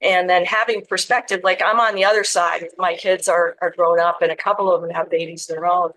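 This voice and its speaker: A woman in her fifties speaks as an interview guest in a slightly low voice. She is earnest and reflective, and her voice is recorded dry and close. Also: fairly even intonation, fairly quick, a bit bright, dry recording, rough recording. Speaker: guest author. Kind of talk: casual interview chat.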